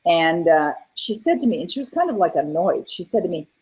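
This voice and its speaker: Middle-aged woman guest, lowish husky voice, earnest storyteller who acts out quotes. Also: brisk, rough recording. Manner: earnest, animated retelling with acted-out quotes. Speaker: guest, author and coach. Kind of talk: candid interview storytelling.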